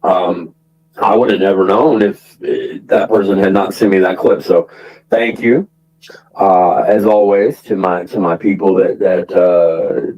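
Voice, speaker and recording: A man's voice: low-pitched, fairly even intonation, unhurried, muffled recording. A man ranting casually to his stream audience, rambling through restarts and profanity and laughing often. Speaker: livestream commentator.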